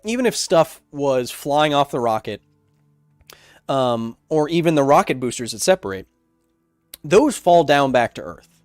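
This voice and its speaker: Animated man chatting on a livestream. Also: fairly high pitch, measured pace, pauses often, dry recording, studio quality, soft background music. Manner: animated, joking, rambling. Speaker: science YouTuber hosting a livestream Q&A. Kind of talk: casual livestream chat.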